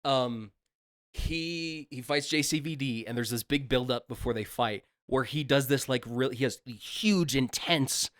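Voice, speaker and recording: A male podcast co-host with a mid-range voice, recorded dry and close with no room sound. He chats in an easygoing, wry way, often pausing on fillers as he talks through movie scenes. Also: medium pitch, a bit bright, no echo. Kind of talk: casual movie-review chat.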